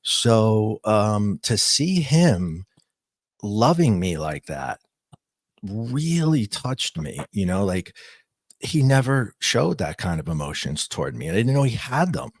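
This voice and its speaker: A man telling an interviewer the story of his own near-death experience in earnest, halting speech with many fillers and restarts. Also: fairly low pitch, sing-song, dry recording.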